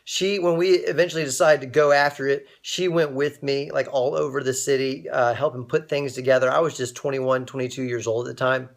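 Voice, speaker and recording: A man's voice: mid-range voice, fairly even intonation, brisk, vocal fry, few pauses. A young man hosting a casual inspirational livestream, telling a personal story and greeting viewers by name as they join. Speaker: livestream host.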